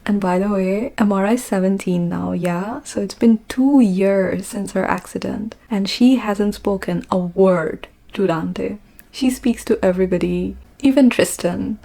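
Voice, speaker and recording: A young woman from Bangladesh excitedly recapping a romance novel, giggling and dropping into whispered asides. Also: mid-range voice, gravelly. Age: young adult. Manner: gushing, animated retelling with giggles and whispered asides. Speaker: book vlogger. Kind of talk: casual book recap.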